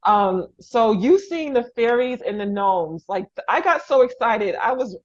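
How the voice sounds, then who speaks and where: A woman's voice: a little high, lively intonation, a little slow. A woman from the Bronx hosts a podcast interview over a video call, gushing and laughing through her tears. Her sentences often restart and trail off. The recording sounds a little dull and lo-fi. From New York, the Bronx. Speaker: podcast host. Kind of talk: emotional interview conversation.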